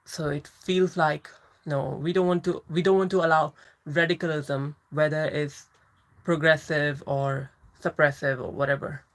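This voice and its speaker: A woman's voice: low voice, little pitch movement, unhurried, rough recording. A woman hosting a casual livestream, chatting and laughing as she answers viewer comments. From England. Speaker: livestream host.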